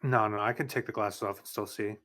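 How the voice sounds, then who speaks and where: Playful bright-voiced male co-host. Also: fairly low pitch, steady tone, fairly quick. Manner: joking, playful. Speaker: podcast co-host. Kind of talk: casual chat.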